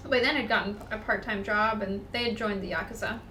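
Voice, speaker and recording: A woman co-hosting a let's-play, reading the game's narration aloud and breaking into excited chatter. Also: medium pitch, a little fast, few pauses, far from the mic. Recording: roomy echo, off-mic, faint noise.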